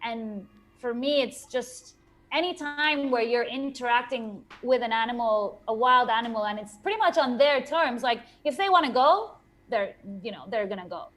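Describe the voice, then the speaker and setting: A woman who guides shark snorkeling trips talks with a chatty enthusiasm and plenty of fillers. Her voice sits slightly high. She speaks as an interview guest. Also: lively intonation, moderate pace, a bit bright. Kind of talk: casual interview talk.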